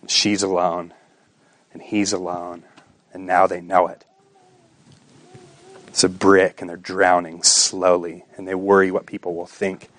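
A man preaching a sermon with impassioned delivery, asking rhetorical questions and swinging between hushed and raised passages. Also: low voice, little pitch movement, unhurried, long pauses. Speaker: pastor.

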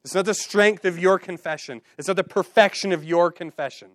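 A man's voice: sits high, fairly quick, no echo. Impassioned preaching man, dry close sound. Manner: impassioned preaching with repeated phrases and rising exhortations. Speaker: pastor. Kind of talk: sermon.

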